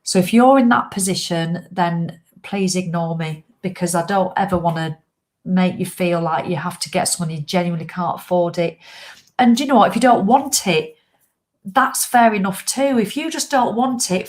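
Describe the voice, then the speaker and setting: A woman's voice: lowish voice, normal speed. A middle-aged woman, a fitness coach, talking straight to her followers in a casual live video with blunt, impassioned swearing.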